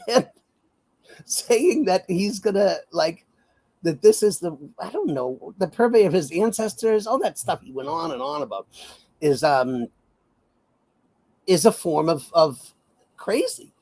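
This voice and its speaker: A man's voice: high voice, animated, unhurried, long pauses, dark tone. A man giving casual political commentary as an interview guest, wry and often laughing, with many fillers and restarts, over a video call.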